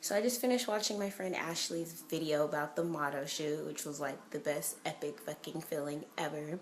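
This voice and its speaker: A young woman from California telling an excited, chatty storytime vlog, swearing freely and saying "like" a lot. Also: low voice, moderate pace, slight background noise. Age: young adult. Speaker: vlogger.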